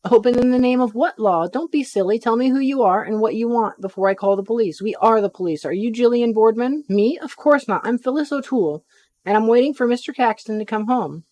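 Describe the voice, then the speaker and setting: A woman's voice: a little high, a little fast, warm tone, no room sound, lightly acted. A woman reading a storybook voicing a defiant young woman who bluffs indignantly.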